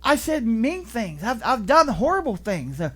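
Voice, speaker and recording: A male pastor delivers a sermon in a church with a lively, swooping voice. He tells stories animatedly, jumping into voices and bursts of emphasis. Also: very high-pitched, normal speed. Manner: animated storytelling, acting out voices. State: vertigo, deaf in left ear.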